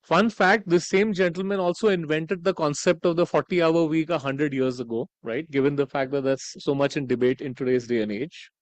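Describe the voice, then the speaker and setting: A man's voice: on the high side, brisk, few pauses, no echo, rough recording. A man giving a conference keynote, conversational, with frequent "right?" tags and "uh" fillers. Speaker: conference speaker. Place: conference hall.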